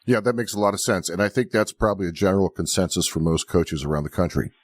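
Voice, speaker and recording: A man's voice: deep voice, quick pace, no room sound. A man hosting a podcast interview, telling stories and asking questions in a conversational way. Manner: storytelling, animated, questioning. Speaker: podcast host.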